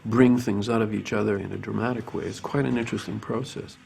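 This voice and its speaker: A man, a film director, speaking in a measured, thoughtful way in an interview. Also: fairly low pitch, steady tone, vocal fry, a little mellow, a little hiss or hum. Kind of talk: interview commentary.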